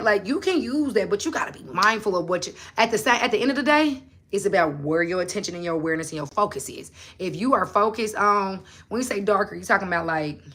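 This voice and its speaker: With a mid-range, bright and forward voice, a woman leads a relaxed motivational livestream in casual talk. She's animated and preachy, constantly putting pointed questions to her audience.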